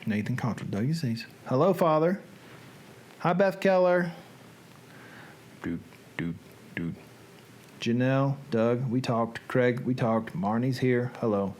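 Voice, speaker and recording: Hosting a laid-back livestream, this middle-aged Southern American man chats and does dramatic readings in a folksy, playful, drawn-out style. His voice is mid-range and darkish, with a little hiss or hum present.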